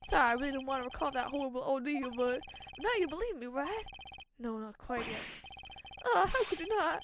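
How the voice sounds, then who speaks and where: A woman's voice: sits high, animated, brisk, noisy background. A woman voicing a posh, earnest young man from a video game who pleads to be believed. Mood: indignant.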